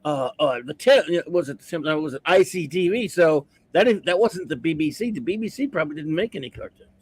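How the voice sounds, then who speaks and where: Rambling American host, higher voice. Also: male voice, lively intonation, fairly quick, darkish tone, slightly rough. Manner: rambling, thinks aloud with many restarts. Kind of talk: casual livestream chat.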